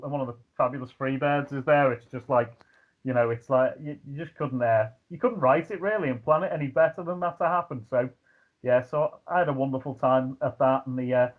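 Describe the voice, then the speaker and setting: Scouse man telling stories on a tinny line. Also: mid-range voice. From Liverpool, England. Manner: animated anecdotes with frequent fillers and shouted impressions. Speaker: guest, ring announcer. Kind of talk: casual chat, storytelling.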